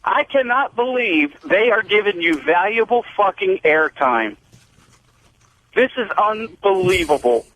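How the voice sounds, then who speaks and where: A man's voice: sits high, sing-song, measured pace, a bit bright, rough recording. A man calling in to a radio show, insulting the host with scorn. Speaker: radio caller.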